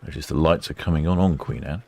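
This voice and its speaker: Very deep-voiced man, chatty. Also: quick pace, creaky, dark tone. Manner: chatty, rambling, self-correcting. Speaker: live-stream host. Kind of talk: casual live commentary.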